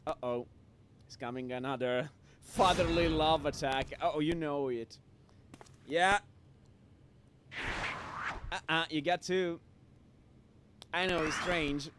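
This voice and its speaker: A man streaming a video game, reacting excitably to it with frequent laughter and shouted exclamations. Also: a little high, takes it slowly, long pauses, noisy background. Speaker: VTuber streamer. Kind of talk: live gameplay commentary. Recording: game music behind the voice.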